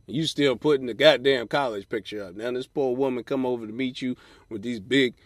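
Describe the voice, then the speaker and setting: A man hosting a comedy podcast alone, ranting profanely from his car in a parking lot and mocking people in a high falsetto. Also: a little fast, dry recording, clean studio sound. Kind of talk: solo comedy podcast rant.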